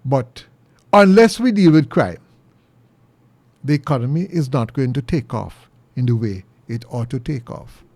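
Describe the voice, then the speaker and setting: A middle-aged Jamaican man hosting a commentary show, talking earnestly and preachily, his pitch jumping high when he presses a point. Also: lively intonation, measured pace, a little mellow, no echo. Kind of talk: opinion monologue.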